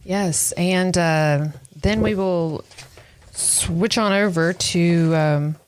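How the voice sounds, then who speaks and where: A woman's voice: fairly low pitch, extremely slow. A woman co-hosting a paranormal podcast, previewing the next stories with hesitant fillers. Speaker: podcast co-host. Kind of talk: casual chat.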